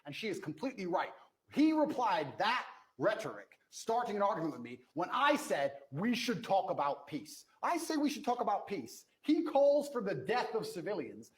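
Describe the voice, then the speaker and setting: A man speaks with a high, swooping voice that climbs and drops through wide turns. He argues as a guest in a heated debate, forceful and indignant, hammering the same points again and again. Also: big pitch swings, moderate pace, rough recording. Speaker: interview guest.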